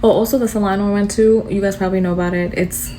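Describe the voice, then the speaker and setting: A woman's voice: mid-range voice, fairly even intonation, dark tone, slight background noise. Exasperated young New woman ranting. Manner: fast, exasperated, swearing, many fillers. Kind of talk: ranting storytime to camera.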